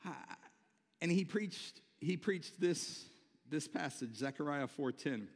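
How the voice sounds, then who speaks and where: A man preaching a sermon to his church, animated, repeating words and shouting when excited. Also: fairly high pitch, takes it slowly, big-room sound. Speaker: pastor. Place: church sanctuary.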